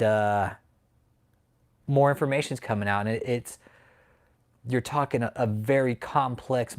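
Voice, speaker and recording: A man hosting a livestream who rants angrily with heavy swearing, swinging between loud outbursts and low grumbling while he reads out chat names. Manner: angry, profane ranting. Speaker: channel host. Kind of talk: livestream commentary, reading chat.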